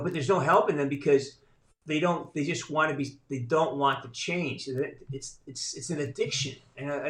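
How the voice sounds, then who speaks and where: A man as a podcast guest in casual chat, speaking bluntly and measuredly with frequent restarts. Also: mid-range voice. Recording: roomy echo.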